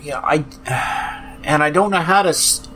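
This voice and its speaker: A man's voice: fairly high pitch, a little slow, bright, forceful tone, soft background music. A man hosting a podcast, ranting in an angry, profane way with frequent sighs, sounding depressed. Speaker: podcast host. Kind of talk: ranting monologue.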